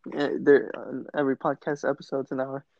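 A young man co-hosting a casual podcast, telling stories in a deadpan way. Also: mid-range voice, brisk, creaky, dry recording. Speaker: podcast co-host. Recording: dry, dull lo-fi mic.

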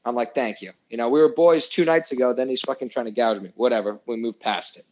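A man's voice: medium pitch, fast, a little mellow, dull audio. A young man telling a story in casual chat, ranting heatedly and swearing a lot.

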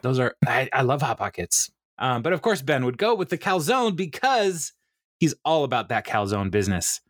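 A man's voice: mid-range voice, big pitch swings, normal speed, no echo, studio quality. A man co-hosting a podcast, recapping a TV episode in casual chat and laughing often as he retells scenes. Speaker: podcast co-host.

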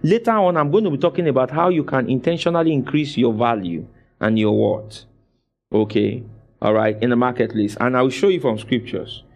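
A man's voice: medium pitch, brisk, darkish tone. A man preaching a sermon, exhorting his congregation with call-and-response and repeating phrases for emphasis. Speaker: pastor.

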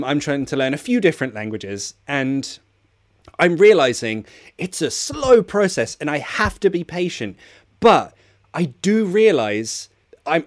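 A man's voice: mid-range voice, no room sound, studio quality. A male guest in a casual chat, speaking in an earnest, encouraging way.

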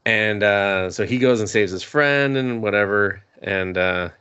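A man's voice: lowish voice, measured pace, bright, forceful tone, clean tone, lo-fi sound. A man casually recapping an anime on a podcast, rambling and laughing, acting out the characters' lines with plenty of swearing. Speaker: podcast co-host.

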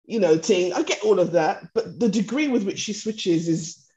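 Animated woman hosting a chatty podcast. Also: mid-range voice, moderate pace. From East London. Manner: animated storyteller, laughs often. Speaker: podcast host. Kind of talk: casual podcast chat. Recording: dull lo-fi sound.

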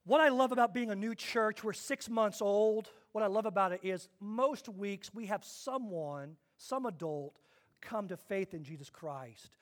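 A man preaching a sermon to his church, swinging between quiet asides and loud, emphatic declarations. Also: high voice, measured pace. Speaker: pastor.

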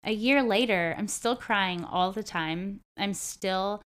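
A woman's voice: medium pitch, takes it slowly, a bit bright, smooth. A young adult woman telling a personal story in a casual talk with a host, chatty and full of "like". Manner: chatty, heavy use of "like". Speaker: interview guest.

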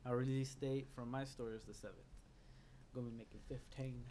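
A man's voice: mid-range voice, steady tone, fairly quick, noisy background. A young man in a casual chat with friends. He jokes, laughs often and talks eagerly.

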